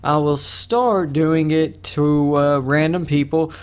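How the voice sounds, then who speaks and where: A man's voice: on the high side, fairly even intonation, takes it slowly, clean tone. A young man hosting a solo podcast, rambling in a casual, self-mocking way with crude jokes. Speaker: podcast host.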